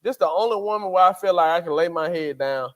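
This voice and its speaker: A man's voice: high-pitched, quick pace. A man, co-hosting a faith podcast in casual chat, acting out quotes in character voices. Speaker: podcast co-host.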